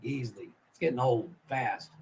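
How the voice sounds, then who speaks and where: A man's voice: mid-range voice, moderate pace, vocal fry, darkish tone, slight background noise, poor audio. A man co-hosting a comedy podcast, chatting bluntly and crudely, often stammering as he restarts. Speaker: podcast co-host. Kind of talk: casual comedy chat.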